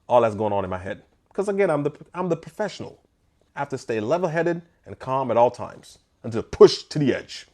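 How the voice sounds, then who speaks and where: Animated man telling a story. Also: mid-range voice, fairly quick. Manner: animated, conversational storytelling with mock disbelief. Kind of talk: storytime vlog.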